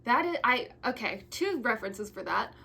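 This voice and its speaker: A woman's voice: on the high side, lively intonation, normal speed, vocal fry, sharp tone, husky. A twenty-year-old woman hosting a casual thank-you video, rambling with frequent restarts and stumbles, sentimental in tone. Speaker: YouTuber.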